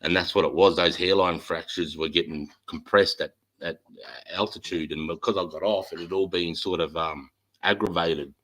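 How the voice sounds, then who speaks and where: An Australian man in his forties, telling a war story in a casual chat, animated and swearing a lot. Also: sits low, normal speed, poor audio. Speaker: host.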